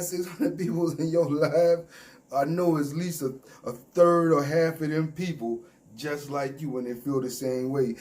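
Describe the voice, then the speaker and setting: Man, ranting vlog, mocking, fairly high voice. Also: darkish tone. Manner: heated, mocking, mimics others in quoted voices. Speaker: YouTube commentator.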